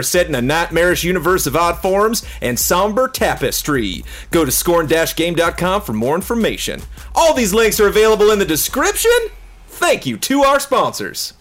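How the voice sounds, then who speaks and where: Man doing a lively cowboy drawl for a sponsor read, high and showy. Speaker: podcast host.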